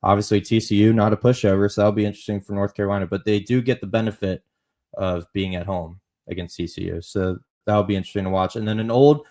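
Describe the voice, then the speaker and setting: A man with a fairly low voice hosts a solo college football podcast. He talks in a loose, conversational way, circling back over his phrases, and leans in hard when he hypes up a player. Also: fairly even intonation, fast, warm tone. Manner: conversational, repeats and restarts phrases, emphatic on praise. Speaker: podcast host.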